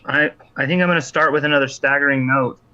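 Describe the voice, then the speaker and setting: Bright-toned player on a dull mic. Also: male voice, medium pitch, fairly even intonation, fast. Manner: methodical, asks rules questions. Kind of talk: casual tabletop game chat.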